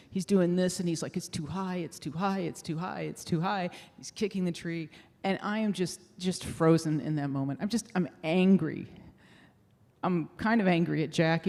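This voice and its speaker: A woman's voice: on the low side, darkish tone, in a large hall. A middle-aged woman telling a candid personal story on stage, self-deprecating, with laughing asides. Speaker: speaker at a fundraiser showcase. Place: theater stage.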